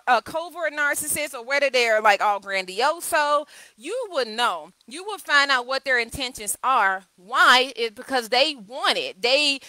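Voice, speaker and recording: High, bright-voiced woman coach. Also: dry recording, low-quality recording. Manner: candid storytelling, repeats key phrases for emphasis. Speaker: communication coach. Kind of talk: live video talk.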